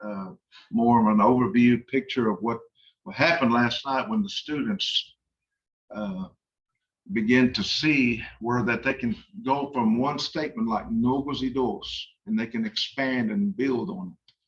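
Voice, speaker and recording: A man explains grammar in an online language lesson, pausing often and filling gaps with uh. His voice sits at an ordinary pitch but comes through muffled and somewhat distant from the mic. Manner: slow and halting, many uhs. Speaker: language teacher.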